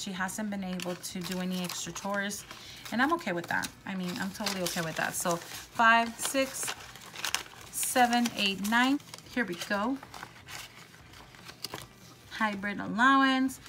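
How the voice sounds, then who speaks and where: A woman vlogger chatting casually while counting cash out loud, excitable and upbeat. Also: mid-range voice, a little slow, long pauses, noisy background. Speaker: budgeting vlogger.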